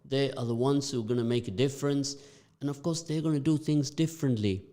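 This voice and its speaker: A man's voice: medium pitch, brisk, mellow. A man hosting a morning community radio show, upbeat and playful, repeating phrases for effect. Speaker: radio host.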